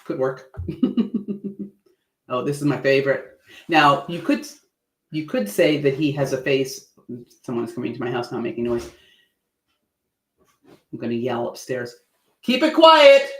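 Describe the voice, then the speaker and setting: A man hosting a livestream lesson on presenting. He talks in a playful, animated way and acts out expressions with quick asides. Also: medium pitch, echoey room.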